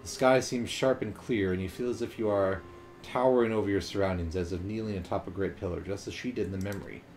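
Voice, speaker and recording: A man co-hosting a let's play, reading the game's narration aloud in a steady, measured way. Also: deep voice, soft background music. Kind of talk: reading game text aloud.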